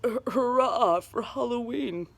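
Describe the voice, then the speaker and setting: A woman voicing a fearful small man who has been turned into a frog, croaking his words, in a storybook reading. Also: on the high side, very slow, bright, forceful tone, pitched above the performer's own voice, exaggerated voice.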